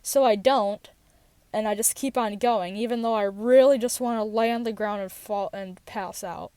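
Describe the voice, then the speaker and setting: A woman's voice: medium pitch, normal speed, mellow, smooth, no echo. A teenage girl telling a personal story in a rambling, casual way, with many fillers and restarts, recorded in a parked car. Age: teens. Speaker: podcast host.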